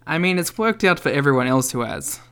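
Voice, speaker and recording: A man's voice: a little high, big pitch swings, a little fast, a bit bright, clean tone. A man co-hosting a casual wrestling podcast, dry and wry with joking asides. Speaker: podcast co-host.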